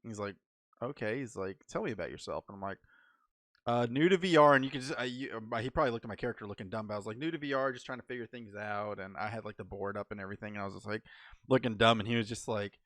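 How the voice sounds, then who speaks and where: A young man in casual podcast chat with a dry, close sound. He tells stories with animated energy and acts out the lines of people he met. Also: fairly low pitch, racing, no room sound. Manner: animated storytelling, acting out quotes. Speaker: podcast co-host.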